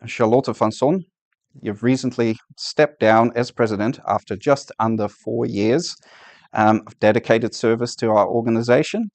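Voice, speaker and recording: A man's voice: fairly low pitch, vocal fry, a little mellow, no echo. A man presenting an event for a business association, reading a formal introduction with occasional fillers. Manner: reads a prepared speech with fillers.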